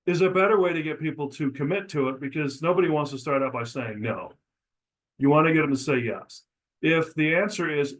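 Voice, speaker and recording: A middle-aged man gives an instructional talk on door knocking. His voice sits a bit high for a man, and he coaches in a direct way, now and then voicing sample lines to show how they should sound. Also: animated, brisk, poor audio. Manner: coaching, demonstrates scripts aloud with pitch changes. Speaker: real estate broker and trainer.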